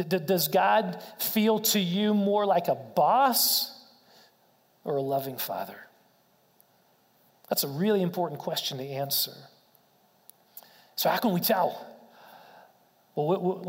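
A man's voice: on the high side, lively intonation, a little slow, long pauses, in a large hall. A man preaching a sermon in an earnest way, asking rhetorical questions and often restarting his words. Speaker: pastor.

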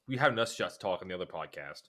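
A man's voice: low-pitched, animated, rapid-fire, bright, forceful tone. A man from New Jersey co-hosting a casual TV recap podcast, chatty and eager, jumping in over the others. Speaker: podcast co-host.

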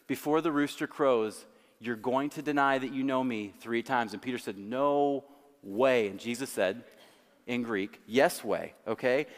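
Male pastor, sermon, mid pitch, dramatic slow emphasis, long hall reverb. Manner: dramatic pacing, slowing to stress words.

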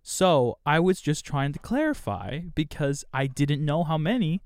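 A man's voice: on the high side, very animated, a little slow, smooth, no room sound, clean studio sound. A man from Southern California co-hosting a podcast, explaining himself at length in a casual, defensive chat. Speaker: podcast co-host.

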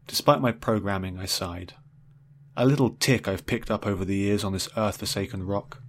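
A man's voice: on the low side, fairly even intonation, normal speed, slight background noise. A man narrating a first-person story in a wry, dry, understated way.

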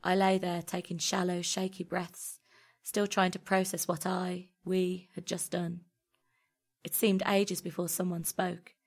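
A woman narrating a first-person story in a measured, intimate way. Her voice sits a little low for a woman, and she reads it out like a recorded storybook. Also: little pitch movement.

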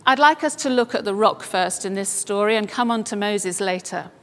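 A woman's voice: medium pitch, normal speed, fairly bright tone. A woman preaching a sermon and reading scripture aloud, building up to fervent exclamations. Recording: long hall reverb.

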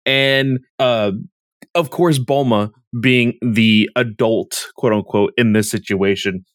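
A man co-hosting a podcast, recapping a comic chapter in a relaxed, casual way, full of fillers and hedges. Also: medium pitch, takes it slowly, dry recording, clean studio sound. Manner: relaxed, with filler words and hedges like "kind of" and "or whatever". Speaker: podcast co-host.

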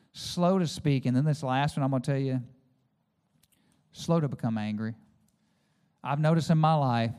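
A male pastor preaching a sermon, mixing personal stories with direct, conversational appeals to the congregation. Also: mid-range voice. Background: faint music.

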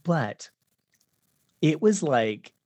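Animated man in his forties telling stories. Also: a little high, extremely slow, no echo, dull audio. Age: 40s. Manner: animated storyteller, acts out quotes, laughs often. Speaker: guest filmmaker. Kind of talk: casual podcast chat.

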